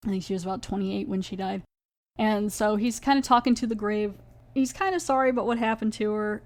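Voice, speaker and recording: A woman's voice: medium pitch, darkish tone. A woman podcast host recapping a horror episode in a chatty, casual way, acting out the characters' lines as she goes. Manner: chatty, acts out lines in quick voices.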